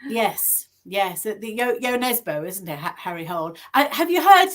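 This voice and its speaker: A woman from England, a guest author chatting on a video call, friendly and quick to laugh. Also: mid-range voice, animated, fairly bright tone. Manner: chatty, laughs often, restarts. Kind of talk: conversational interview.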